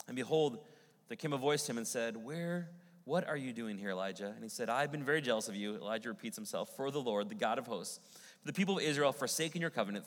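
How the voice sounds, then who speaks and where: A male pastor preaching a sermon, swinging between booming Bible reading and hushed, intimate passages. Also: expressive, quick pace. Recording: long hall reverb.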